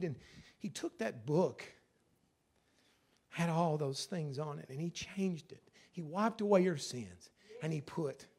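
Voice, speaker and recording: A man's voice: on the high side, darkish tone, slightly rough. A male pastor preaching a sermon and leading prayer, earnest, with a repetitive preaching cadence.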